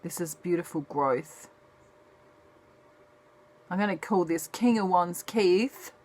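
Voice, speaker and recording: A woman giving a chatty, casual tarot reading in a soft, unhurried manner. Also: on the low side. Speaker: tarot reader.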